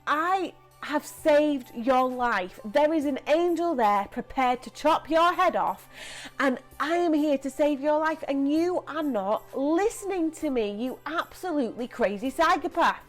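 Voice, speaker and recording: A woman's voice: high-pitched, animated, unhurried, soft background music, voice pushed up. A woman voicing an exasperated male talking donkey who scolds at the top of his voice. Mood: indignant. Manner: shouting, scolding.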